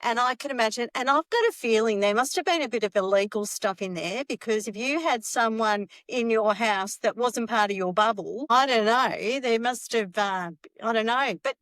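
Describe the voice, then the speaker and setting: A woman hosting a podcast interview, answering her guest in an unhurried, heartfelt way and repeating words as she thinks. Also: a little high, a bit bright, no echo. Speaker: podcast host. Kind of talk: conversational interview.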